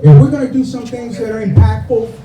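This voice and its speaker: A man's voice: very high voice, lively intonation, fast talker, warm tone. A man hosting an indoor reception who speaks to the guests with a rallying, joking manner. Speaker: event host. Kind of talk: speech to a crowd. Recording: echoey room, distant mic, crowd noise.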